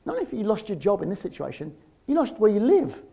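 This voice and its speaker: Gravelly London man in his fifties telling stories. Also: high-pitched, fast. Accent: London English. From England (London). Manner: lively, often laughs while talking. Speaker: interviewee telling a personal story. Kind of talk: animated anecdotal storytelling.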